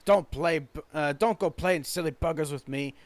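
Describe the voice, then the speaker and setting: Rowdy Scottish shipwright, played by a man, blustering and loud, high-pitched. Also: normal speed, no room sound, natural voice. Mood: threatening. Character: gruff male shipwright, rowdy.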